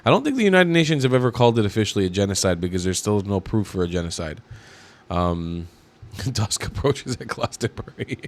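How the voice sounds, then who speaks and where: A man's voice: fairly low pitch, big pitch swings, a little fast. A man giving indignant, mocking reaction commentary on video clips.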